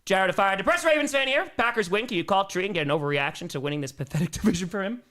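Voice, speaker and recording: A young man hosting a live sports stream, reading out fan donations and messages with energetic, jokey cheering. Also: high-pitched, very fast.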